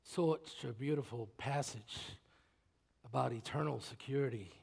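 A male pastor preaching a sermon, swinging from loud exclamations to hushed asides. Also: on the high side, vocal fry, slightly rough. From Spanish-speaking background. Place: church sanctuary. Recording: long reverb of a large hall.

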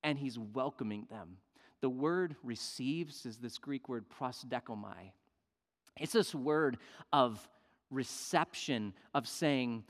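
A male pastor preaching a sermon, emphatic, swinging between loud declarations and hushed asides. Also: mid-range voice, slow pace. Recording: long reverb of a large hall.

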